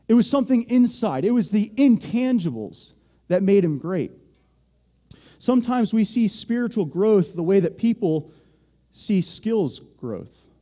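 A man's voice: high voice, big pitch swings, unhurried, mellow. A young man from Pennsylvania preaching a sermon, telling a joking, self-deprecating story to the church. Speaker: pastor.

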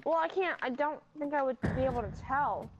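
A woman from Virginia, chatting casually and excitably over a gaming mic. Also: sits high, a little fast, muffled recording. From West Virginia. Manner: excitable, rambling, apologetic. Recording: noticeable background noise and clicks.

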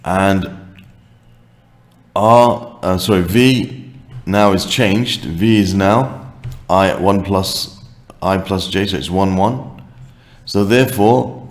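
A man with a low voice walks through a maths exercise step by step. He thinks aloud, fills gaps with "okay" and fixes his own slips as he writes. The room gives his voice a noticeable echo. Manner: talks while writing, thinking aloud with frequent "okay"s and self-corrections. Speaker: maths teacher. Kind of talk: worked-example maths tutorial.

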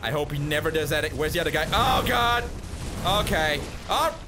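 A man giving let's play commentary, swearing and exasperated, bursting into shouts, with game music behind. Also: a little high, animated, normal speed. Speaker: gaming YouTuber.

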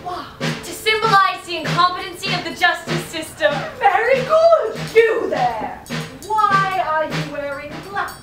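A very high, sing-song voice: a woman playing a bossy drama teacher who drills her class with exaggerated flair. Heard from a far camera in an echoey theatre, with music drifting underneath. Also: sing-song, a little slow, full character voice. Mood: quizzing. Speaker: stage actor. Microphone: far camera in audience.

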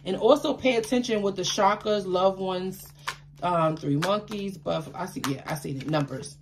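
A woman giving a tarot card reading to her viewers, chatty and affectionate, with excitable bursts of laughter and exclamations. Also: medium pitch, normal speed, slight background noise. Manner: chatty, affectionate, calls listeners baby.

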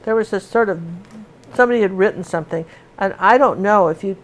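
A middle-aged woman teaching painting talks fast in a medium-pitched voice, with a little hiss or hum in the recording. She's chatty and rambling, with plenty of fillers and restarts, and she wanders into stories during the casual lesson.

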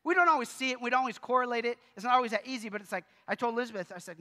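High, bright-voiced male pastor preaching. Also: rapid-fire, hardly any pauses, long reverb tail. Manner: conversational preaching with humorous asides. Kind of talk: sermon. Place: church sanctuary.

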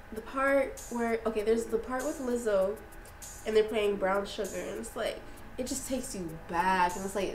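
A young woman vlogging in a casual, effusive way, talking excitedly with lots of fillers and restarts. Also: mid-range voice, roomy sound, poor audio. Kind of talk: casual review vlog.

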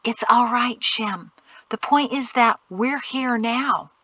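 Woman doing a warm mom in an audiobook, heartfelt and a bit higher, bright voice, dry sound. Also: takes it slowly, no echo, heavily acted. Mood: soothing.

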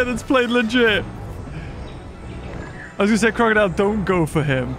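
Man, high-pitched, very animated pitch swings, excitable gameplay commentary, game music underneath. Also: normal speed, creaky, long pauses. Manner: excitable, exclaiming and laughing often. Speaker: gaming YouTuber.

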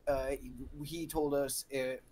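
A man on a podcast telling boot camp stories in casual chat, acting out shouting drill instructors. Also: mid-range voice, level tone, slow pace, a little hiss or hum.

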